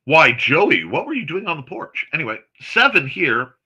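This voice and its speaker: A man hosting a morning livestream, chatting casually and reading viewer comments aloud in a chatty, excitable way with snarky asides. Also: a little high, normal speed, breathy edge. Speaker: host of a morning livestream chat show.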